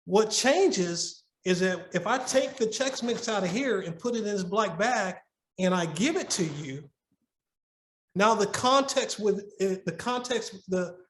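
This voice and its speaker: Earnest high-voiced man with roomy echo. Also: lively intonation, measured pace, slight background noise. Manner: earnest, repeats and restarts words while storytelling. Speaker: podcast guest. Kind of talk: conversational advice on marriage.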